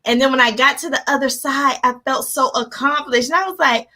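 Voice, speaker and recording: A woman life coach giving an energetic motivational talk, animated and laughing often as she acts out her own reactions. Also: sits high, fairly quick. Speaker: life coach hosting a live motivational session.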